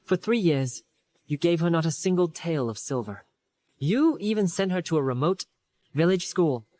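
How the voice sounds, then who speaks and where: A man plays a fierce, protective young general and elder brother, speaking in a forceful, indignant tone. His voice sits fairly high for a man and sounds dry and close, with no room around it, in a dubbed period drama. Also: lively intonation, normal speed, dry recording, natural voice.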